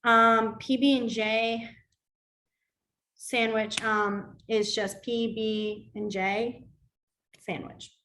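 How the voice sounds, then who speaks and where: A woman's voice: on the high side, drawn-out words, long pauses, slight background noise. A woman teaching a casual sign language class, chatty and full of fillers as she demonstrates and tells stories. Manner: chatty, filler-heavy, animated storytelling.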